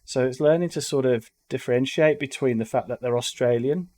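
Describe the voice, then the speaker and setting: Man, Black Country accent, reaction video host, rambling, exasperated, mid-pitched voice. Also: brisk, dark tone. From England. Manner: rambling, exasperated, repeats words. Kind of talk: casual commentary.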